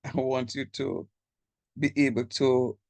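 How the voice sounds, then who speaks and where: A man with a Jamaican accent gives an online math lesson on a video call, speaking plainly and casually to students and switching into local speech. His voice is mid-range and a little mellow, with vocal fry and a slow pace, recorded with no echo.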